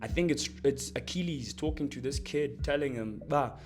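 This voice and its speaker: A young man explaining rap lyrics in a casual, slangy, excitable way, breaking off from quoted lines to unpack them. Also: medium pitch, normal speed. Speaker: music commentator.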